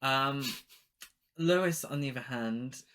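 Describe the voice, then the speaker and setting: A man on a podcast talks through a film's plot in a loose, joking way. His voice is bright and forward, and he drops in swear words and dry asides at an even, middle pitch. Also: takes it slowly, slight background noise. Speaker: podcast co-host. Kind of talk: casual film review chat.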